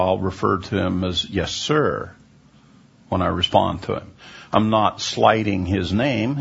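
Gravelly low-voiced man teaching scripture. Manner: unhurried, explanatory, frequent "uh" hesitations. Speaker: messianic teacher answering listener questions. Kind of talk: question-and-answer Bible teaching. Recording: dull lo-fi recording.

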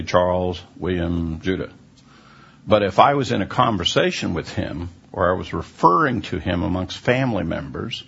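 A man with a low, gravelly and husky voice gives a question-and-answer Bible teaching. He explains things patiently and unhurriedly, stopping often on "uh" as he searches for words. The recording sounds dull and lo-fi. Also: fairly bright tone. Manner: unhurried, explanatory, frequent "uh" hesitations.

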